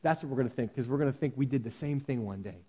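A man pastor preaching a sermon, animated, swinging from loud cries to hushed tones. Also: medium pitch, very fast, husky. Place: church sanctuary. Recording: long reverb of a large hall.

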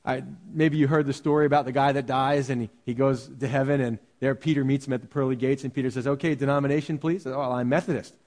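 A man's voice: medium pitch, level tone, fast talker, hardly any pauses, darkish tone. A man preaching a sermon as a pastor, talking conversationally and animatedly with restarts and jokes. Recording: reverberant hall.

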